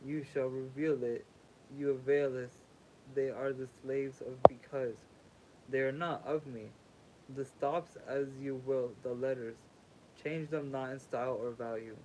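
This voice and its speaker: Sleepy man reading aloud haltingly. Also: mid-range voice, steady tone, noisy background. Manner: stumbles and rereads words while reading. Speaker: livestream host reading a sacred text aloud.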